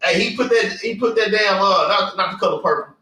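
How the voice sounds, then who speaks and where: Speaking briskly in a high, bright, forceful voice, a Bible class teacher preaches bluntly, reading scripture while cursing and using slang. He keeps adding "man" and "all right", and the echoey room and distant mic make him sound far off.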